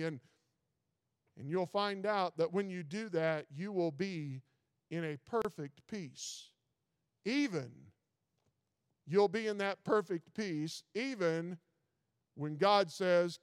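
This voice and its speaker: High-voiced fervent male preacher. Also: clear, resonant tone, no echo, clean studio sound, long reverb tail. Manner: repeats words while searching, then rises to loud fervent preaching; reads old-style scripture slowly. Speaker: pastor. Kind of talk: sermon.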